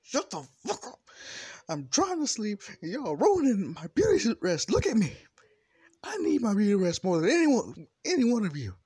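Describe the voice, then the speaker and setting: A man doing a shrill, cranky sleepy teacher. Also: huge pitch swings, normal speed, slightly rough, no room sound, heavily acted. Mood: irritated. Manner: loud, crude scolding. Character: grumpy sleep-deprived male teacher.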